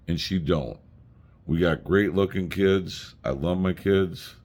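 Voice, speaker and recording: Flipping through family photos on his vlog, a middle-aged man tells stories in a low-pitched, slightly mellow voice, speaking a little slowly. His casual rambling is crude, joking and full of profanity.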